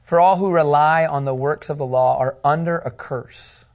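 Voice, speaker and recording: A man teaching a Bible class, animated and asking his students questions as he goes. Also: fairly high pitch, moderate pace.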